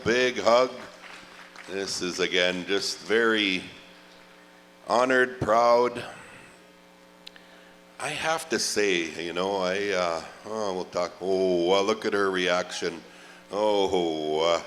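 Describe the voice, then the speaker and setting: Slow-talking emcee man with a PA echo. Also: sits low, fairly bright tone, slight background noise. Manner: slow, drawn-out calls with frequent "oh, uh" fillers and joking asides. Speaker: pow wow emcee. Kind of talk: live event announcing. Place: large outdoor event grounds.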